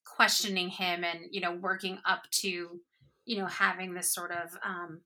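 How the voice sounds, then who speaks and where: A woman with a bright, clear voice chats loosely and expressively, her speech full of "like" and "you know". She laughs easily and swings up high when she imitates a reaction. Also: measured pace. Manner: expressive, laughs often, many filler words. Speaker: podcast co-host. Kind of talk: casual chat.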